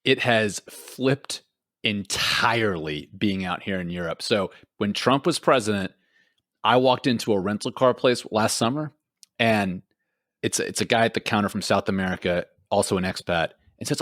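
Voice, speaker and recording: Speaking at a normal speed in a fairly low voice, this Houston native co-hosts a casual podcast from his home in Amsterdam. The studio sound is clean with no room noise, and his stories are lively, full of laughter and acted-out lines.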